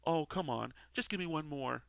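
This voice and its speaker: A man's voice: a little high, normal speed, vocal fry, a bit bright, no echo, voice pushed up, poor audio. A man reading lines as a grumpy middle-aged male shoe salesman, whiny and snide.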